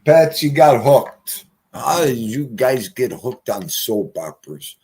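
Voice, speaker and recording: Husky, rambling older male streamer. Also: mid-range voice, sing-song, takes it slowly. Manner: profane, rambling, loud swings in volume. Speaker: livestream host. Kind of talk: casual livestream chat.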